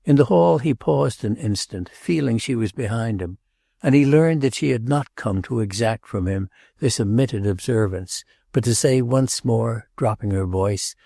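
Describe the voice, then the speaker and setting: A man narrating a classic novel in a measured, literary audiobook style. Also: lowish voice, creaky, mellow, no room sound, clean studio sound.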